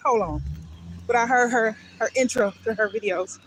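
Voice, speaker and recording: Against background noise, a woman's slightly high voice comes through at a moderate pace. She's out at night walking her dog and live streaming from a hand-held phone, chatting in a rambling way and interrupting herself to call to the dog.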